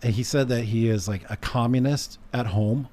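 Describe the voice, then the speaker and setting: A man's voice: medium pitch, normal speed, warm tone. A man appearing as a guest on a casual panel discussion, speaking emphatically and building his points in lists.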